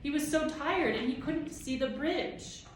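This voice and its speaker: A woman's voice: sits high, a little slow, slight background noise, voice pushed up. A woman reading as a tearful young girl. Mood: pleading. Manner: pleading. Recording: echoey room, mic far off.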